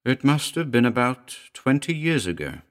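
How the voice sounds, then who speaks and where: A man's voice: mid-range voice, very animated, moderate pace, voice pushed up, close to an everyday voice. A man voicing a nervous middle-aged housekeeper who speaks jerkily and reluctantly in a ghost story reading. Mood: reluctant recounting. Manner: jerky, uneasy, pleading.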